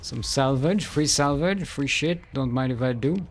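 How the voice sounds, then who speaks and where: A man's voice: mid-range voice, unhurried, soft background music. A man streaming a game, thinking aloud in casual commentary and humming to himself.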